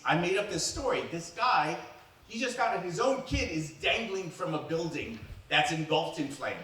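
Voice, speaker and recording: A man from New York performing a comic storytelling monologue in an animated, playful way, acting out the people in his stories. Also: on the high side, slight background noise. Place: event hall. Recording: echoey hall, distant mic.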